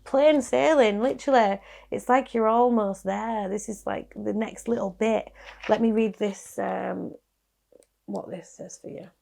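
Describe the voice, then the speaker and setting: A woman's voice: medium pitch, steady tone, measured pace, creaky, mellow. Chatty Yorkshire woman reading tarot. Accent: Yorkshire English. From Yorkshire, England. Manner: chatty, musing, reassuring, with small laughs and restarts. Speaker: tarot reader. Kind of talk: casual tarot card reading.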